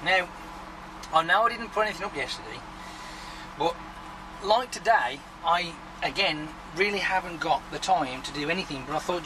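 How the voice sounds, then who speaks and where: A man's voice: high voice, lively intonation, normal speed, noisy background. Rambling man, distant mic. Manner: rambling, chatty, swears freely. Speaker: vlogger. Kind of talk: casual vlog chat.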